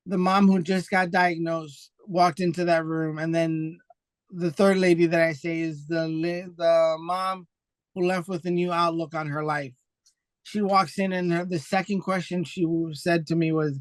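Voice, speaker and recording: A man chatting as an interview guest, telling stories in an animated way, often restarting his sentences and acting out what others said. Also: a little high, dry recording. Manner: animated storyteller, acts out quoted voices; quick and excitable, restarts often. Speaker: podcast guest, foundation founder. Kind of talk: casual interview chat.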